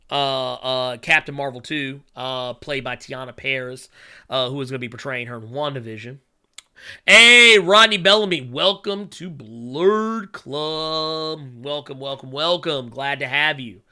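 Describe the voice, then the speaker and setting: Smooth yet sharp in tone, a man's mid-range voice carries his casual solo show. Between filler-heavy rambling and humming over viewer chat, his rants get blunt and profane.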